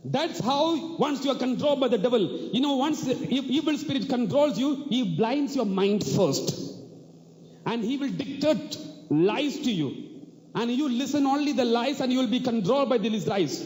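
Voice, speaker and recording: Ask for a high-voiced preacher man in an echoey hall, storytelling and repeating phrases, his priestly sermon ringing off the walls of the large space. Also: lively intonation, moderate pace, darkish tone. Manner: storytelling preacher, repeats phrases, addresses "my dear brothers and sisters".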